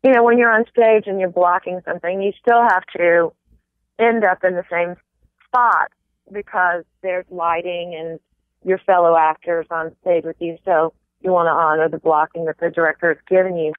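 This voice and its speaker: A Southern American woman, a stage actress, chats casually as an interview guest, lively and quick to break into little accent demos. Her voice sits on the low side with no echo, and the recording sounds tinny and dry, like a phone.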